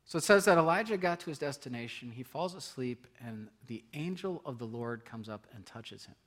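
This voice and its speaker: A middle-aged man preaching a sermon as pastor, in a conversational way, often laughing and swinging between loud emphasis and soft, quiet passages. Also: mid-range voice, animated, brisk.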